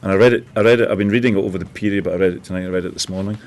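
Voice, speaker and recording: A co-host with a slightly low voice muses over ideas. He strings his questions out at length, thinking as he speaks. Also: steady tone, very fast. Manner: musing, thoughtful, asks long questions. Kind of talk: casual chat and interview.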